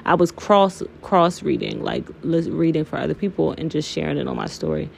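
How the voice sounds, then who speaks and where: A young woman hosts her own podcast, talking candidly and emotionally and peppering her speech with swearing and y'all. Her voice sits a little low and has a gravelly fry to it. Faint noise hums behind her. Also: huge pitch swings, a little fast. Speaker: podcast host. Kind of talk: candid personal podcast monologue.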